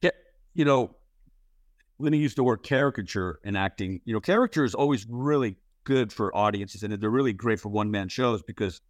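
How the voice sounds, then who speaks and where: Male interviewer, low voice, rambling and candid, dry close sound. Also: lively intonation, a little fast, no echo. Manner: rambling, full of "you know" and restarts; candid, swears casually. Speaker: interviewer, playwright and actor. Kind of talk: casual interview talk.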